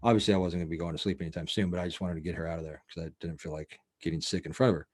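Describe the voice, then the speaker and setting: A man's voice: deep voice, fairly even intonation, very fast, darkish tone. A man hosting a show, telling a story in a loose, rambling, profane way with lots of fillers. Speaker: show host. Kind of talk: casual storytelling.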